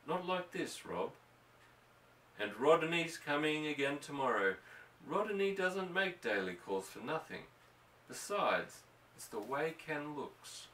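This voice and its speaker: Storybook ranch wife, higher and hushed, anxious, as a male reader puts her on, roomy distant sound. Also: very animated, slow, heavily acted.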